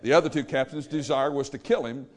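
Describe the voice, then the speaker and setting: A man preaching a sermon, emphatic and animated, paraphrasing scripture and acting out the quotes. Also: mid-range voice, fast talker. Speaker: pastor.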